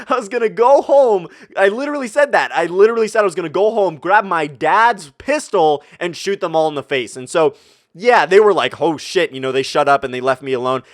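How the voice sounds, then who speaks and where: A man's voice: high-pitched, fairly bright tone, no echo, clean studio sound. A young man hosting a gaming channel, telling a profane, rambling storytime over gameplay commentary.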